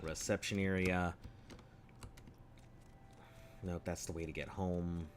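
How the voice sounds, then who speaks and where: A man streams a game, musing out loud and reading on-screen text in a loose, rambling way, his slightly rough, throaty voice roughened by frequent throat-clearing. His voice sits low and his delivery is flat at a moderate pace, with a noisy background behind this casual gameplay commentary.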